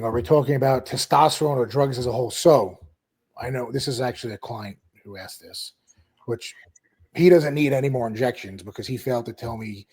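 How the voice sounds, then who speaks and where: A man with a husky, slightly raspy voice talks casually on a podcast. He coaches clients and keeps the conversation moving with follow-up questions. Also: mid-range voice, warm tone. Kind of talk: casual chat.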